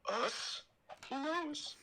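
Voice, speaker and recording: A man voicing a young woman senator, pleading and heartbroken, in a high falsetto. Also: lively intonation, very slow, pushed and bright, heavily acted.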